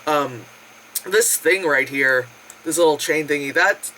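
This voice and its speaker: A vlogger telling a casual, animated food story, acting out quotes with big pitch jumps, laughing and swearing often. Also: unhurried, a little hiss or hum, poor audio. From United States.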